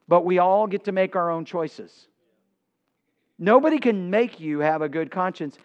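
Preacher, male, high-pitched, dynamic delivery, dull lo-fi recording. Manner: animated preaching, swings from quiet to emphatic. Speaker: pastor. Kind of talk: sermon.

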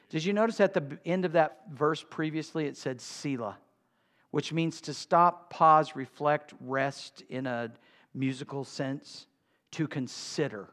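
A man preaching a sermon, swinging between quiet talk and loud, drawn-out emphasis. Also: fairly high pitch. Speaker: pastor.

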